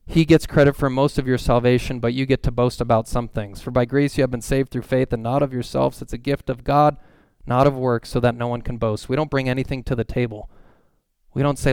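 A man's voice: mid-range voice, a little mellow, clean tone, no room sound. A man preaching a sermon as a pastor, earnest and repeating phrases for emphasis.

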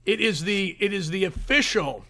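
High, bright-voiced man chatting. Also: lively intonation, normal speed. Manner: enthusiastic, stumbling restarts. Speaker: podcast co-host. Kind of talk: casual chat.

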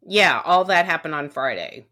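Low-voiced woman venting in casual chat. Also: expressive, normal speed, bright, forceful tone. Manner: venting, profane, acts out quotes. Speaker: podcast co-host.

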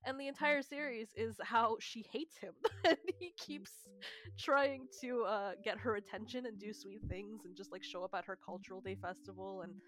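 A woman's voice: medium pitch, moderate pace, a bit bright. A woman co-hosting a podcast in casual chat, swearing freely, laughing often and retelling a story. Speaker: podcast co-host.

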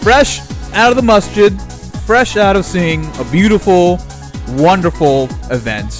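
A man's voice: high voice, expressive, unhurried, faint music behind. Enthusiastic young man hosting a podcast. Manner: enthusiastic, playful banter, says "bro". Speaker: podcast host. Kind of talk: casual podcast chat.

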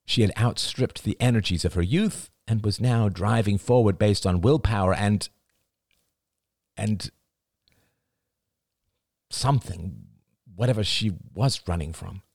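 A man narrating an audiobook in a measured, deliberate way, sometimes dropping to a hush for emphasis. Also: lowish voice, vocal fry, no room sound, studio quality.

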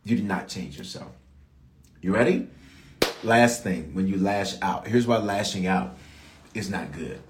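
A pastor preaching a sermon, telling stories in a loose, conversational way and jumping up in pitch to drive his points home. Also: a little slow, long pauses, reverberant, slight background noise. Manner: conversational storytelling with rising shouts of emphasis.

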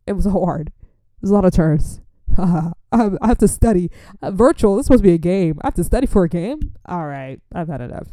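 A young woman talks in a casual, animated vlog, often repeating herself and laughing as she gives faith-based life advice. Her voice sits low and mellow with a smooth tone. The sound is close and dry, with no room around it. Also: brisk, hardly any pauses, dry recording. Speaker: Christian vlogger.

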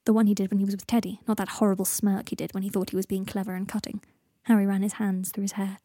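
A woman reading a story aloud as narrator, steady and measured. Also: mid-range voice, dry recording, studio quality. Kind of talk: audiobook reading of fan fiction.

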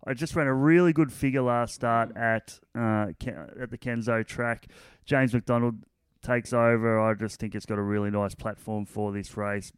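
A man analysing horse races in a relaxed, casual way, full of fillers. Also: mid-range voice, normal speed, smooth, no room sound. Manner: relaxed, lots of fillers like "you know" and "um". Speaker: racing analyst.

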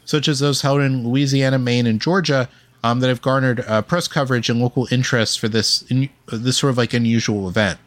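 Man reading history notes with many ums. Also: medium pitch. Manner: reads facts with many ums and uhs. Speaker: podcast co-host.

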